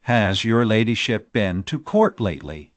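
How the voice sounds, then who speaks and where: A man's voice: lowish voice, big pitch swings, normal speed, no room sound. A man voicing a prim, bold spinster in an audiobook, speaking in proper, eager tones.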